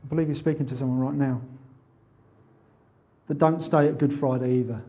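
Impassioned preacher, muffled recording. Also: male voice, medium pitch, steady tone, brisk. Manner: impassioned, rhetorical questions, builds to loud exhortation. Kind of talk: sermon.

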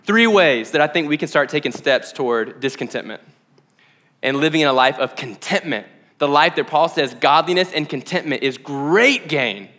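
Bright high-voiced man preaching in a hall. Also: moderate pace. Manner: conversational and animated, rising to emphatic exhortation. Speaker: pastor. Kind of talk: sermon.

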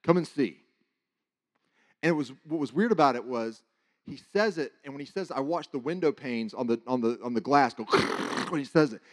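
A man preaching, telling a personal testimony in an animated, excited storytelling way. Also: medium pitch, a little fast. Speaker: guest preacher.

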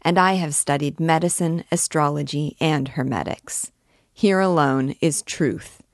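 A woman's voice: deep voice, unhurried, dry recording, studio quality. A woman reading as a fiery, grandiose archdeacon. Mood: fervent. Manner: grandiose, declaiming. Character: fiery, proud male archdeacon alchemist, middle-aged.

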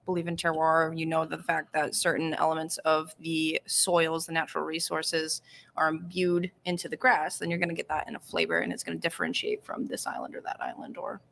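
A woman's voice: low-pitched, fairly quick, vocal fry, a bit bright, a little hiss or hum. A woman co-hosting a casual podcast, chatty and correcting herself as she talks. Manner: chatty, self-correcting, laughs often. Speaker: podcast co-host. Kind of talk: casual podcast chat about rum history.

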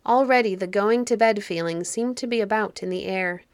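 Woman narrator, fairy tale audiobook, measured, dry close sound. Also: mid-range voice, no echo. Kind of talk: scripted storybook narration.

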